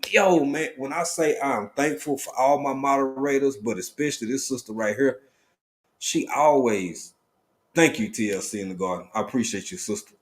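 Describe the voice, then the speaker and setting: A man hosting a casual live stream, talking in a relaxed drawl and greeting viewers by name with sudden excited bursts. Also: medium pitch, normal speed.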